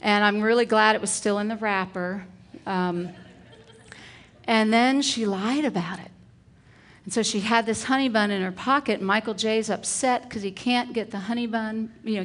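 A woman, a kindergarten teacher, giving a parenting talk full of classroom stories and acting out the dialogue in gentle, earnest tones. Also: a little high. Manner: acts out dialogue with a shift of voice.

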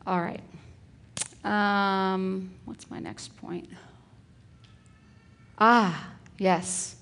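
A woman, a kindergarten teacher, giving a parenting talk full of classroom stories and acting out the dialogue in gentle, earnest tones. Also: mid-range voice. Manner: acts out dialogue with a shift of voice.

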